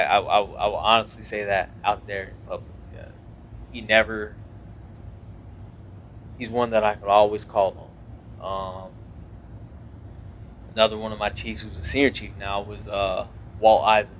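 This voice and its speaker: Earnest man with a lowish voice. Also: little pitch movement, moderate pace, long pauses, a bit bright, a little hiss or hum. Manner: earnest, rambling with many restarts and fillers. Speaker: podcast guest, naval officer. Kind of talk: casual conversational interview.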